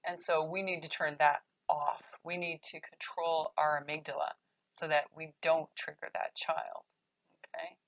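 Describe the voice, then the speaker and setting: Woman lecturing, low voice, dull recording. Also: level tone, a little slow, gravelly. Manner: conversational, often checks in with "okay?". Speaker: child therapist. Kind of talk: workshop lecture.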